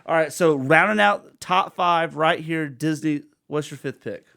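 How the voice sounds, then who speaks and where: A man in his thirties hosting a casual podcast chat, animated and jokey, bursting into loud sound effects and laughs. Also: a little high, measured pace, gravelly. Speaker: podcast host.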